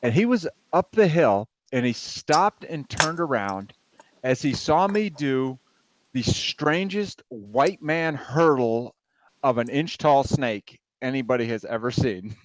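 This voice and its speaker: A man's voice: mid-range voice, lively intonation, takes it slowly, a little hiss or hum. Laughing man telling stories. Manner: rambling, laughs through stories. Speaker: podcast co-host. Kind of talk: casual storytelling chat.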